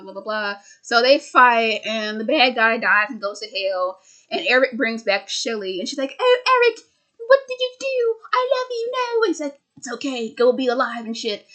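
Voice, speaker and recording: A woman with a slightly high voice rambles through a casual movie review in a small room at home. She is sarcastic and swears freely. She stumbles and restarts her sentences often. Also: a bit bright.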